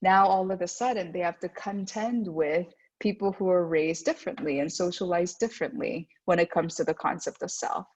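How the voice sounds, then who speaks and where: A woman's voice: on the low side, moderate pace, few pauses, a little mellow, slightly rough. A woman giving a presentation to parents as a guest speaker at a school. She often checks in with "right?" and acts out the voices she quotes. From United States. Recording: dull lo-fi sound.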